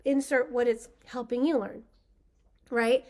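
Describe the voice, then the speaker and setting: High-voiced woman, chatty and enthusiastic. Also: steady tone, measured pace, a little mellow. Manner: enthusiastic, rambling with many fillers. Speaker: spiritual workshop host. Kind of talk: casual teaching talk.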